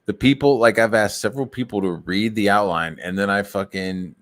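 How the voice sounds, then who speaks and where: A man ranting angrily on a stream, swearing constantly and mocking others in squeaky put-on voices. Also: a little fast. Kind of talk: profane ranting monologue.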